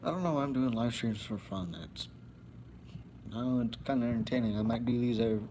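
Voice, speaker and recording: A man's voice: medium pitch, quick pace, dark tone, a little hiss or hum, rough recording. Rambling young man streaming from home. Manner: rambling, easygoing, full of fillers and asides. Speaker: live streamer. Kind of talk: casual live-stream chat. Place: at home, walking around.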